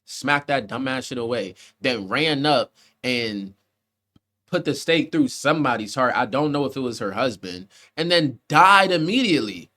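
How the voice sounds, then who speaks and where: A man's voice: medium pitch, expressive, normal speed, sharp tone. A man giving a rambling, profane, casual movie review, often restarting his sentences.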